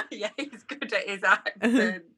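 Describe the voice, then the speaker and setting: Bright, chatty young woman. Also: mid-range voice, slow pace, husky, dry recording. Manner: animated, chatty storyteller. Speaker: guest, engaged partner. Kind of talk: casual chat.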